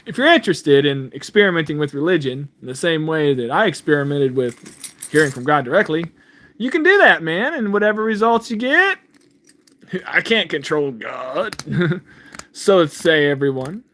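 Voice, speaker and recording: A man's voice: a little high, expressive, normal speed, a bit bright. A man hosting a casual livestream about faith, reading viewer comments and answering them. He rambles loosely, chuckles often and keeps saying "man".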